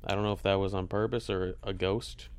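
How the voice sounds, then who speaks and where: A man's voice: low voice, little pitch movement, a little fast, clear, resonant tone. A man chatting casually over a video call while watching a movie, joking and sometimes confused. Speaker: movie watch-along co-host. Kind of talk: casual chat.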